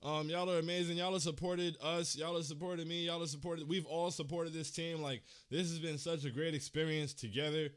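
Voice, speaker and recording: A man's voice: on the high side, fairly even intonation, moderate pace, hardly any pauses. A young man hosting a fan livestream, talking casually in slang and holding back tears, repeating himself as he thanks his viewers. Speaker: fan channel host.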